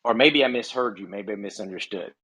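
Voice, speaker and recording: A man's voice: on the low side, brisk, fairly bright tone, breathy edge, no room sound, rough recording. Hesitant male caller arguing his point. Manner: hesitant, lots of fillers and restarts while defending a point. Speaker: caller debating the hosts. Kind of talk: heated call-in debate.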